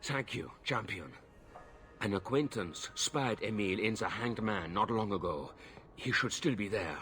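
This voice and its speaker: A man's voice: lowish voice, a little slow, fairly bright tone, faint music behind. An actor voicing a worried, stern noble father pleading for his son in a video game. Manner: pleading, exasperated.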